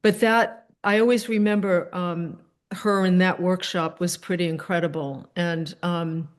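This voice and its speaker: Woman telling a story on a video call. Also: fairly low pitch. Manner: animated storyteller, quick asides, soft fillers. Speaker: host. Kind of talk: casual storytelling chat.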